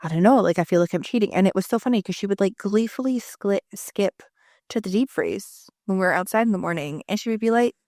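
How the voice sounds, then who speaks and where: Chatting casually as a podcast co-host, a woman in her thirties tells stories full of fillers. Her mid-range voice is fast and dark in tone. The recording is dry and cleanly studio-produced.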